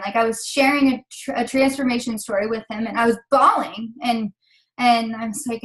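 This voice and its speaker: A woman's voice: on the high side, steady tone, normal speed, poor audio. A young woman leading a team call, emotional and close to tears, rambling with many fillers as she encourages her team. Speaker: team leader. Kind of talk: team call pep talk.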